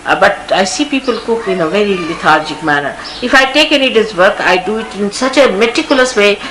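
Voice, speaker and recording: A woman's voice: mid-range voice, lively intonation, a little fast, a bit bright, rough recording. A woman with an Indian English accent, a spiritual teacher giving a storytelling discourse that acts out the people she quotes. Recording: hissy archival 1980s tape recording.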